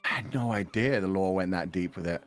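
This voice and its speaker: A man's voice: low-pitched, fairly quick, soft background music. A man with a British accent, chatting casually as a stream guest, dry and joking, laughing often.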